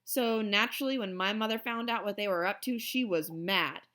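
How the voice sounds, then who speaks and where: Reading a children's novel aloud, a woman uses an expressive storyteller's delivery. Her voice sits in the mid range and she keeps a moderate pace.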